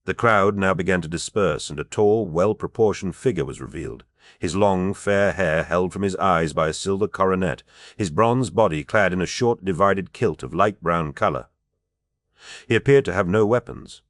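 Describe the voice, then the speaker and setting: Deep-voiced man reading an audiobook. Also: normal speed, no room sound, studio quality. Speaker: audiobook narrator. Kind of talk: scripted narration.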